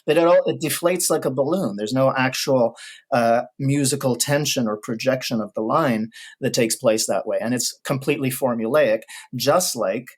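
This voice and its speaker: A man, a guest expert on historical piano recordings, explaining ideas in a thoughtful, measured way during a casual interview. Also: mid-range voice.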